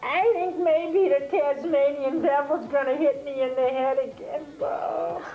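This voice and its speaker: Woman putting on a dim cartoon gator, slow hesitant drawl, high-ish voice. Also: fairly even intonation, roomy sound, phone-quality sound. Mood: dopey.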